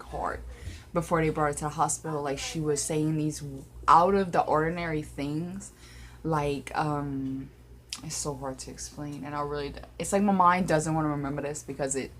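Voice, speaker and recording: A woman's voice: sits low, slight background noise. Chatty woman vlogging on a phone. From Louisiana, USA. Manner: chatty, rambling with many fillers. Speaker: paranormal vlogger. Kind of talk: casual storytelling vlog. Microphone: phone camera.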